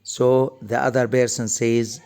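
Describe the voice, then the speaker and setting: A man teaching English grammar, explaining each point slowly and repeating key phrases. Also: medium pitch, level tone, a little mellow, smooth. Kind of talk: recorded grammar lesson.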